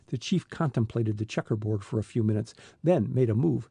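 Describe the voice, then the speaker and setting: A man narrating an adventure audiobook in a lively storytelling manner. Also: medium pitch, brisk, vocal fry, few pauses, slightly rough, no echo, studio quality. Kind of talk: scripted narration.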